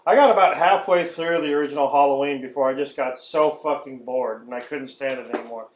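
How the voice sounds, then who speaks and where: A man's voice: medium pitch, brisk. A man hosting a podcast, ranting in casual chat with frequent swearing and mocking impressions. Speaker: podcast host. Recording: echoey lo-fi room recording.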